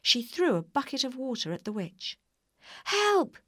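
A woman reading a children's storybook aloud in an expressive, clear way. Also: fairly high pitch, moderate pace, no room sound, studio quality.

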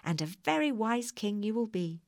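A woman voicing a gracious, kind good witch in a storybook reading, calm and reassuring. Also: medium pitch, normal speed, dry recording, clean studio sound, close to an everyday voice.

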